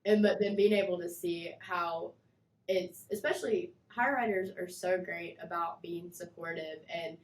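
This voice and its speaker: A young woman telling animated stories in a casual chat as a guest, full of fillers. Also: fairly low pitch, measured pace, roomy sound. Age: young adult. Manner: animated storytelling, acts out kids' voices, many fillers. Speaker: guest, former mascot performer.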